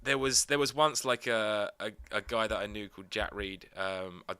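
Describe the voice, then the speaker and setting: A man's voice: on the low side, moderate pace, clean tone. A young man co-hosting a podcast, telling rambling, sweary stories in casual chat. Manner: rambling, sweary, animated storytelling. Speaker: podcast co-host.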